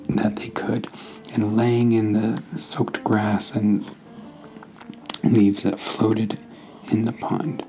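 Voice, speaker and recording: Man whispering a bedtime story real slow, dark gravelly voice, soft music behind. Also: mid-range voice, low-quality recording. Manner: slow, hushed, half-whispered. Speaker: podcast host.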